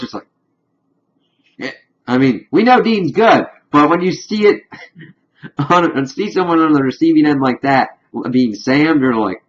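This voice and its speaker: Casual man with a dull lo-fi sound. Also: medium pitch. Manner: chatty, retells scenes with quick acted-out asides. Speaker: TV episode reviewer. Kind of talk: casual recap vlog. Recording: dull lo-fi recording.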